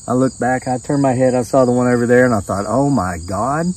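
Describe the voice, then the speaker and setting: A middle-aged man spins a long, rambling story to his vlog audience, stopping and restarting as he goes. His pitch sits right in the middle for a man. He sounds set back a little from the mic. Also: fast talker, far from the mic, rough recording. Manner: rambling, animated retelling with restarts and quoted dialogue. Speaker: homesteading vlogger. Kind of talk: casual storytelling monologue.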